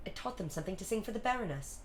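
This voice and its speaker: A woman's voice: mid-range voice, lively intonation, very fast, slight background noise, pitched below the performer's own voice, natural voice. A woman voicing an earnest, outspoken young governess, speaking over music. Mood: eager. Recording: music playing under the voice.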